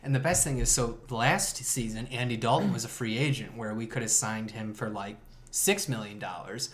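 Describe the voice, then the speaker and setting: A man's voice: mid-range voice, normal speed, a bit bright. A man co-hosting a casual podcast, ranting sarcastically and laughing often. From Chicago area. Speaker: podcast co-host. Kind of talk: casual chat.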